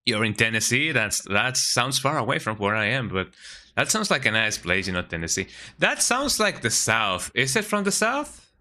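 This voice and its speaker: A man's voice: mid-range voice, very animated, moderate pace, pushed and bright. A young man streaming a game, chatting casually in a rambling way and tagging "eh?" onto lines. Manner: rambling, says "eh" often. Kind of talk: casual chat while gaming.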